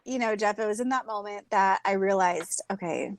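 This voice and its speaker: A woman in her thirties, a guest speaker, telling a personal story in a candid, animated way and speaking over a video call. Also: medium pitch, brisk, no room sound. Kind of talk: personal story in a group talk.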